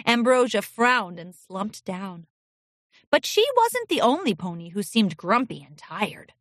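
A woman narrating a children's storybook in an expressive, animated way. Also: medium pitch, measured pace, no room sound, clean studio sound. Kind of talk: storybook reading.

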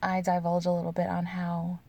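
This thirtysomething American woman answers questions by chatting through personal stories, laughing often and leaning heavily on "like." Her fairly low, darkish voice carries vocal fry, and her delivery is completely flat and a little fast.

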